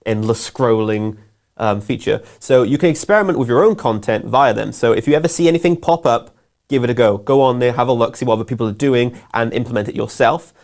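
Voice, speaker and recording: A man's voice: medium pitch, a little mellow. A man co-hosting a business live show, chatting casually with lots of fillers and laughs, his voice a little worn. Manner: quick, laughing, filler-heavy. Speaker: co-host.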